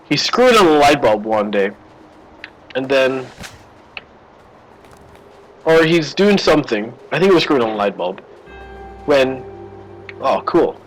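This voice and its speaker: Man, live gameplay commentary, rambling, chatty, mid pitch, faint music behind. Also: poor audio. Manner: rambling, chatty storytelling with fillers. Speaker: gaming streamer.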